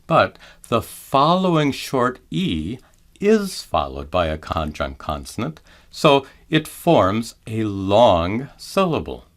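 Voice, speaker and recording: A man teaching Vedic pronunciation in a measured, scripted lesson, chanting his examples slowly and drawn out. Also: lowish voice, wildly swooping pitch. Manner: slow and deliberate, chants examples in drawn-out tones.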